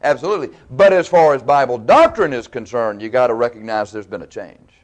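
A man preaching a sermon, asking his listeners questions and answering them himself, with loudness and pitch rising and falling. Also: brisk. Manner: varies pitch and loudness widely.

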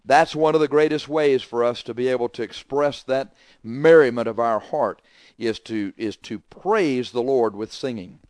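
A man preaches a sermon at a middle pitch, earnest and conversational. He leans on rhetorical questions and repeats his key lines. The recording is dry, with little room sound. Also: moderate pace, a little mellow, no echo.

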